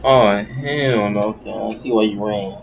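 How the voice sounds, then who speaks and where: A man's voice: fairly low pitch, normal speed, vocal fry, noisy background. A man chatting casually with a friend, teasing him and breaking into laughter. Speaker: friend listening. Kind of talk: casual chat.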